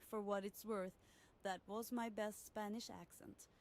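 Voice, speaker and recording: A woman's voice: medium pitch, steady tone, measured pace, darkish tone, natural voice. A woman doing a thoughtful late-night radio DJ. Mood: musing. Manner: reflective, chatty, laughs at herself. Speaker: in-game radio DJ. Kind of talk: scripted radio host monologue.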